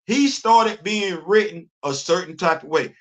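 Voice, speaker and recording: Animated high-voiced man riffing casually. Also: measured pace. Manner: animated, repetitive, acts out imagined conversations; informal, speaks in African American Vernacular English. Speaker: host. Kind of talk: casual commentary monologue.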